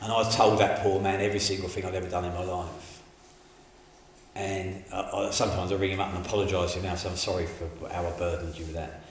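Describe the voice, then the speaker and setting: A middle-aged man telling his life story in an interview, colloquial and animated, acting out the people in his stories. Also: sits low, fast. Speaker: interviewee giving a testimony. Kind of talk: candid storytelling. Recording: very echoey room, faint noise.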